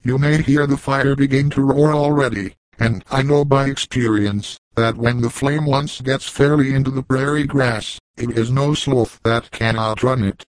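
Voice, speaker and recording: A man's voice: medium pitch, steady tone, normal speed, hardly any pauses, dry recording, close to an everyday voice, rough recording. A man voicing a hearty, blunt young beekeeper with folksy talk. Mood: urgent.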